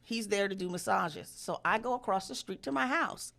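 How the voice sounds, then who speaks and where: A woman telling a story in casual chat, animated and profane, and she jumps into loud high voices when she quotes people. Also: moderate pace, gravelly. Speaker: storyteller host.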